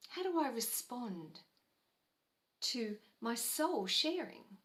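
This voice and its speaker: Slow, gentle spiritual teacher, a woman. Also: a little high, very animated. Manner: slow, gentle, soothing, with soft sighs; repeats key phrases for emphasis. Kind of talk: live spiritual teaching talk.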